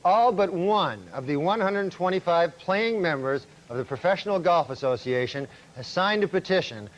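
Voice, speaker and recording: A man with a somewhat high voice reads joke news items in a deadpan anchor style. His tone is flat and matter-of-fact while he delivers the punchlines. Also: moderate pace, muffled recording.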